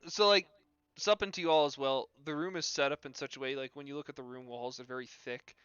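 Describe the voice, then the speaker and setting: Male GM, rambling easygoing narration, smooth clear tone, dry close sound. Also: mid-range voice, steady tone, quick pace, fairly bright tone, no echo, lo-fi sound. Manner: loose narration full of "like" and "um". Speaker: game master. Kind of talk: narrating a tabletop game on a live stream.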